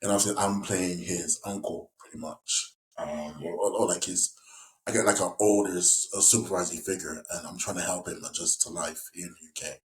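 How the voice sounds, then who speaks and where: A man's voice: low-pitched, steady tone, a little fast. A young English man from West Yorkshire, an actor guest in a casual interview, talking in a rambling way with many restarts and fillers. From West Yorkshire, England. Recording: echoey room.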